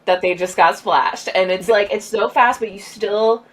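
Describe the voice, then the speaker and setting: A woman's voice: medium pitch, normal speed. A woman co-hosting a podcast, chatting casually and bubbly about a film, with lots of "like". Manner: bubbly, says "like" a lot, laughs easily. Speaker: podcast co-host. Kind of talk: casual movie review chat.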